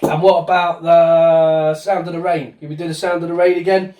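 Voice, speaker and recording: A man's voice: on the high side, flat delivery, moderate pace, dark tone, slight background noise. A man giving a home-school lesson with a child, asking coaxing questions in a cheerful way. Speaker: presenter. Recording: roomy sound from a distance.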